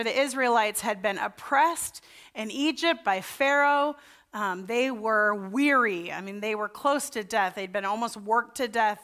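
A woman's voice: a little high, a bit bright. A woman pastor giving a sermon in a chatty, story-telling way, with self-deprecating asides.

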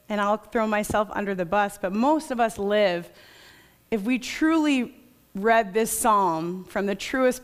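A woman preaches to her congregation in a conversational style, reading scripture quietly and reflectively in a medium-pitched voice.

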